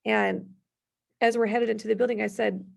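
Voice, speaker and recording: Woman in her 30s, parenting workshop host, slightly high, husky voice, chatty storyteller. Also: steady tone, moderate pace. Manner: chatty, storytelling, gives worded examples. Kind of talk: conversational workshop presentation.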